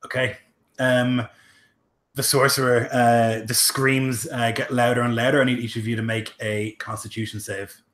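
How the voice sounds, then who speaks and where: A man's voice: medium pitch, level tone, normal speed, fairly bright tone, roomy sound. A man running a tabletop game as game master, talking loosely with lots of fillers.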